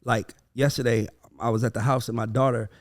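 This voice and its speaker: A man hosting a casual podcast chat, telling animated, profane stories and acting out his kids' voices. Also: medium pitch, a little fast. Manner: profane, emphatic. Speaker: podcast host.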